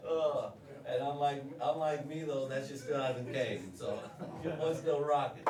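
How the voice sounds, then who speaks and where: A man does a crude, profane stand-up set and laughs at his own jokes. His voice sits at an ordinary pitch for a man. It is picked up from a distance in an echoey live room with a crowd murmuring behind him. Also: unhurried. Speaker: stand-up comedian. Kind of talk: stand-up set at an open mic. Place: live comedy venue with an audience. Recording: roomy live venue, distant, crowd noise.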